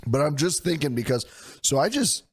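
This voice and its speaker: A man co-hosting a casual podcast, telling animated stories and swearing freely. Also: on the high side, normal speed, husky. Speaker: podcast co-host. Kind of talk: casual chat.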